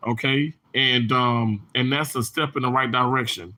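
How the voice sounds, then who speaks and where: Faint music plays behind a man with a mid-range, sharp voice who talks at normal speed with hardly any pauses. Hosting a casual livestream, he reads the chat, welcomes viewers by name, and rambles chattily with many fillers and restarts.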